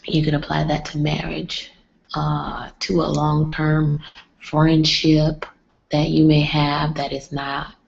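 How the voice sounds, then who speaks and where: A woman's voice: deep voice, completely flat delivery, takes it slowly, creaky. A woman hosting a late-night live stream from home, talking casually and keeping her voice down, often near a whisper, through a computer mic. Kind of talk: casual live-stream chat with motivational talk. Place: home at night with others asleep. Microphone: computer mic on a live video stream. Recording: dull lo-fi stream audio.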